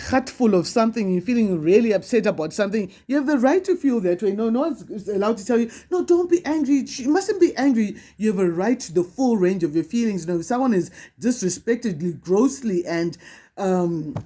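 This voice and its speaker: A woman with a dark, mellow tone reads spiritual tarot cards for her viewers. She talks conversationally and with emphasis, restarting phrases and repeating her points. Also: medium pitch, expressive, normal speed. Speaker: tarot card reader. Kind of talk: spiritual card reading to camera.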